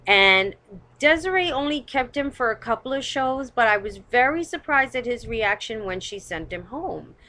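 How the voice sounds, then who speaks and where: Hosting her live stream on a webcam, a woman offers opinionated, casual takes, bluntly swearing and rambling while hedging often with "I don't know". She speaks at a moderate pace in an expressive, fairly high, sharp voice.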